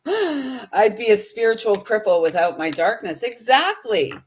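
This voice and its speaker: A woman's voice: a little high, animated, slow, slightly rough. A woman hosting a casual spiritual livestream, chatting and rambling while reading viewer comments aloud. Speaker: spiritual host and intuitive reader.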